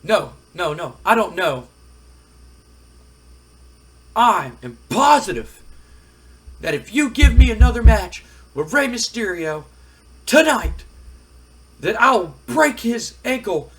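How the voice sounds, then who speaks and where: A man doing a high, loud impression of a boastful, whiny wrestler in a wrestling video game playthrough. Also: expressive, measured pace, pauses often, full character voice. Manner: loud, high-pitched and pleading.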